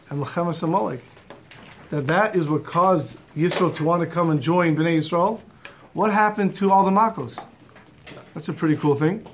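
A man's voice: fairly high pitch, a little hiss or hum. A man teaching a Torah class in English mixed with Hebrew terms, telling a story and acting out its quotes.

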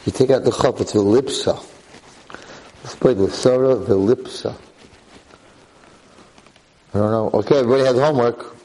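Animated rabbi teaching a class. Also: male voice, medium pitch, moderate pace, long pauses, low-quality recording. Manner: animated storyteller, full of rhetorical questions. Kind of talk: lively Torah class. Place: classroom with a live audience.

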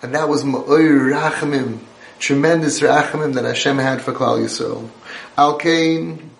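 A man's voice: a little high, steady tone, unhurried, gravelly, roomy sound. A man giving a Torah lecture as a parenting coach, talking emphatically and conversationally and repeating his points.

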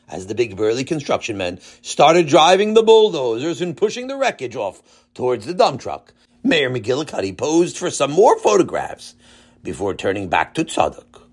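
A storyteller reading a children's story aloud with a lively delivery. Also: medium pitch, moderate pace, husky. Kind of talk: children's story narration with character voices.

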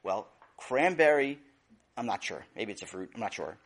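A man's voice: fairly low pitch, expressive, moderate pace, pitched below the performer's own voice. A man doing a coaxing mother. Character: patient, coaxing mother at dinner.

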